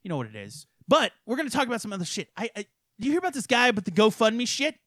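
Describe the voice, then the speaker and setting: A man's voice: sits high, sing-song, very fast, fairly bright tone, dry recording, studio quality. A man co-hosting a podcast, ranting and swearing in crude casual chat, laughing often. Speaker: podcast co-host.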